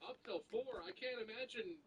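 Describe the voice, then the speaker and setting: A man's voice: very high voice, big pitch swings, a little fast. A man chatting casually, dry and teasing. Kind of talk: casual chat. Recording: noisy room mic from a distance.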